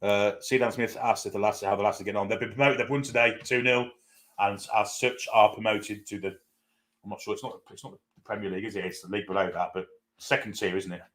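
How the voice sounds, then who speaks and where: A man's voice: lowish voice, fairly even intonation, fast talker, a bit bright. A man hosting a live football watchalong, casually reading out and answering viewer comments with frequent fillers. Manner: chatty, reads out viewer comments and greets them one by one; casual, with frequent "uh" and self-corrections. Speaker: host of a football fan channel.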